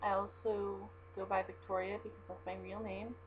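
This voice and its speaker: A woman's voice: medium pitch, level tone, normal speed. A young woman from Southern California with a Southern Californian accent, reading a word list in a casual home vlog, chatty and self-deprecating with frequent ums. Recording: dull lo-fi webcam audio with faint mains hum.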